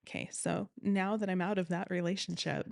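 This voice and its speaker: A woman's voice: lowish voice, moderate pace, vocal fry, no echo. Earnest woman guest, dry close sound. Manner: earnest, animated, often quotes others. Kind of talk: personal story in conversation.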